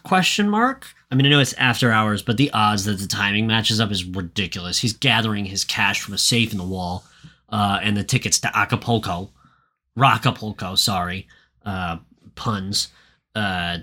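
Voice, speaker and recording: A man's voice: on the low side, pushed and bright. A young man co-hosting a podcast, retelling a movie in a casual, profane, joking way and acting out quotes. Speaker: podcast co-host.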